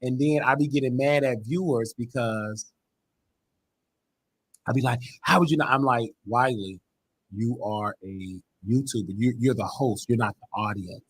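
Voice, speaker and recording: His voice is medium-pitched and slightly rough, his pace measured, as this man hosts a call-in live stream from his YouTube talk show. He tells stories animatedly in slang, acting out others' lines.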